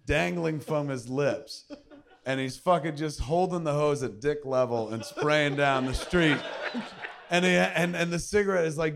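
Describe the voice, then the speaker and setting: A middle-aged man telling a lively, profane behind-the-scenes story as host, laughing and acting out quotes. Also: on the high side, vocal fry. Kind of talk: casual anecdote, profane.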